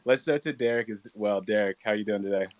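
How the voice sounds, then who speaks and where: A low-voiced man hosts a casual online audio chat. He sounds upbeat and easygoing, pausing on fillers and restarting phrases. The sound is dry and close. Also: darkish tone, dry recording. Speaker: host.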